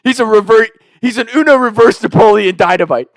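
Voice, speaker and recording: A young man spins a rowdy personal story, swearing freely and laughing as he goes. His voice sits high with a gravelly edge, and the sound is dry and close. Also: fairly quick, dry recording. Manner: animated, profane, laughing. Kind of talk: casual storytelling.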